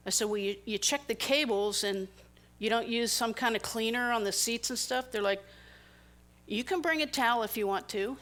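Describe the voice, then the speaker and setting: A middle-aged woman giving a conversational sermon, telling personal stories and acting out the people in them. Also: mid-range voice. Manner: animated storytelling, acting out quoted people. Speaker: speaker.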